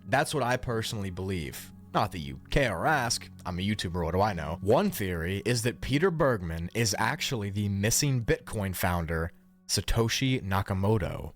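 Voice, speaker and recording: A man narrating a scripted mystery video as a YouTuber, with a measured, reflective delivery. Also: lowish voice, expressive, faint music behind.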